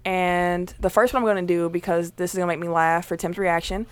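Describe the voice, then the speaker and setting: A woman's voice: fairly low pitch, steady tone, brisk, clear, resonant tone, dry recording. A woman hosting a casual podcast chat, playful, laughing often and steering the talk back to her list. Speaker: podcast host. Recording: several voices talking over each other.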